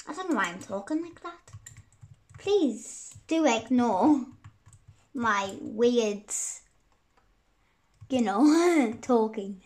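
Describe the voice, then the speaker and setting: A young girl chatting through her gameplay, giggly and quick to say sorry. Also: fairly high pitch, lively intonation, darkish tone. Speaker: gaming YouTuber. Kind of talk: casual gameplay commentary.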